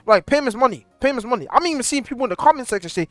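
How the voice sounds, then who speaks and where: A young man giving casual commentary on online drama, slangy and animated as he tells the story. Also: extremely high pitch, racing, no room sound, soft background music. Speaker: commentary YouTuber.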